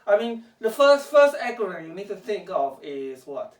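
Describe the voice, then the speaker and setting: A woman's voice: medium pitch, very animated, normal speed, a crowd in the background. A woman teaching programming to a child at home, patient and questioning, checking often that she is understood. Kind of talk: casual home coding lesson. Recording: echoey room, far from the mic.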